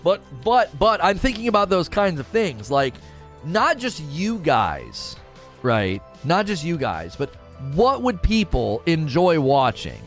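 With slow delivery and a pitch that swoops wildly, this middle-aged gaming streamer's fairly high voice carries his casual, joking livestream chat. He repeats phrases, and faint music plays in the background.

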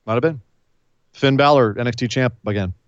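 A man's voice: mid-range voice, brisk, clear, resonant tone, no echo, highs cut off. Chatty man recapping wrestling. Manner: rambling, animated, acts out wrestlers' lines. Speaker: wrestling podcast co-host. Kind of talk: casual recap chat.

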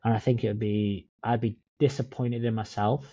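A man's voice: on the low side, steady tone, normal speed, mellow, highs cut off. A man co-hosting a casual podcast chat, laid-back, swearing now and then and calling his friend mate. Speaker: podcast co-host. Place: in Dublin, remote call.

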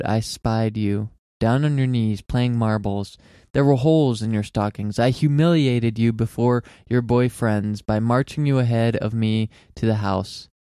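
A young man with a mellow, dark, smooth voice reads aloud in an earnest, measured way. He is recorded close on a dry podcast mic, with no room sound. Between readings he talks casually as a co-host. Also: mid-range voice, no echo.

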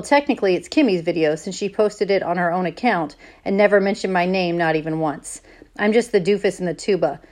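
A woman teacher reading a novel aloud to her class in a plain, conversational way. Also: medium pitch.

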